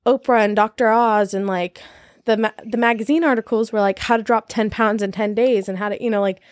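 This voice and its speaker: A woman's voice: medium pitch, steady tone, a little fast, no echo. Candid young woman, dry sound. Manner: candid, laughing often, many fillers. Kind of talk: casual chat.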